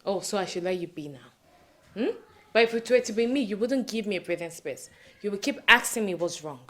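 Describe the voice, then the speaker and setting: An actress playing a concerned, nagging sister with a Nigerian English accent, prodding with teasing complaints. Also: female voice, medium pitch, animated, brisk, bright, forceful tone.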